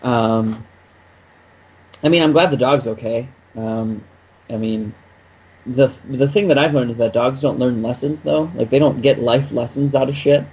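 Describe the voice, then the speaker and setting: A man's voice: mid-range voice, unhurried, darkish tone, husky, poor audio. A man co-hosting a podcast, chatting casually in a jokey, rambling way. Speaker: podcast co-host. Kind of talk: casual chat.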